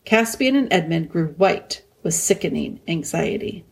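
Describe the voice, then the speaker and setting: A woman narrating a children's novel in a calm, measured audiobook reading. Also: fairly low pitch, creaky. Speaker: audiobook reader.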